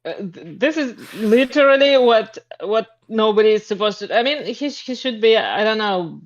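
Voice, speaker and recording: A woman's voice: on the high side, expressive, moderate pace. A woman co-hosting a podcast, speaking bluntly and dismissively in casual chat. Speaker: podcast co-host. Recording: dull lo-fi sound.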